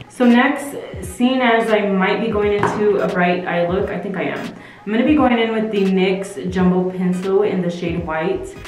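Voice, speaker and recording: A woman's voice: on the low side, darkish tone. Chatty woman in an echoey room. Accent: put-on British accent. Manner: chatty, rambling, playful. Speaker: makeup vlogger. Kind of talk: casual makeup tutorial chat. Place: at home. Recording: very echoey room with faint music.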